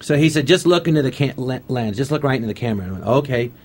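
A middle-aged man recounts career anecdotes in a relaxed, conversational way. His voice sits at an ordinary middle pitch. He often slips into the voices of the people in his stories. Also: racing. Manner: animated anecdotes acting out quotes. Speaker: interview guest. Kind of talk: casual storytelling.

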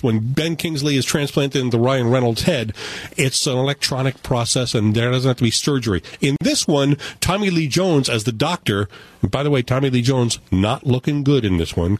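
Animated, sarcastic male film critic. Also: medium pitch, no room sound. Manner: animated, sarcastic, jumps into voices. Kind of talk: casual radio chat.

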